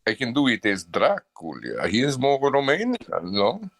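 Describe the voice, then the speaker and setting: A man doing Count Dracula as a brooding old male vampire, talking in a slow, drawn-out, theatrical way. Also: mid-range voice, huge pitch swings, dry recording.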